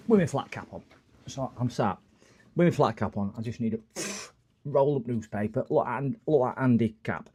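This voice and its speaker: A man's voice: medium pitch, measured pace, long pauses, darkish tone, breathy edge. A man with a northern English accent, chatting casually on a live repair stream and rambling off into long stories. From northern England. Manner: rambling, digressive storyteller.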